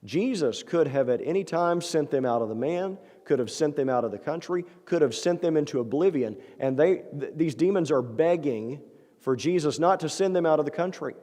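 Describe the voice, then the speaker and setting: Male pastor, fairly high, warm voice, earnest conversational sermon, long church reverb. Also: lively intonation, moderate pace. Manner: earnest, conversational preaching with rhetorical questions. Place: church sanctuary.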